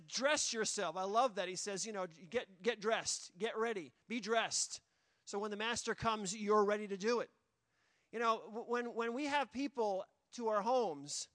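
A man's voice: sits high, fairly bright tone, no room sound. A middle-aged man as a pastor, preaching a sermon and repeating his key phrases for emphasis.

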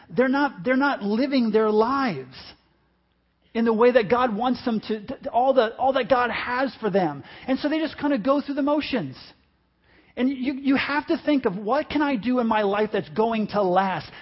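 Male pastor, emphatic sermon delivery, high-pitched and husky, muffled recording. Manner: impassioned, emphatic preaching with repetition.

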